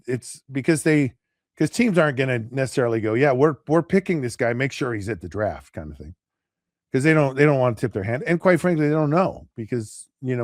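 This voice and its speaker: A medium-pitched man co-hosts a casual sports talk podcast, recorded at studio quality with no echo. He rambles with many restarts and acts out players and pundits in quick asides.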